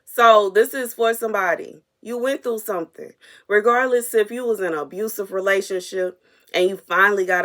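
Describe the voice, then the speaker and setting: A woman's voice: on the low side, fairly bright tone. A woman delivering an unscripted prophetic message to her viewers, earnest and repetitive, at times emotionally stirred. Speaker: prophetic minister.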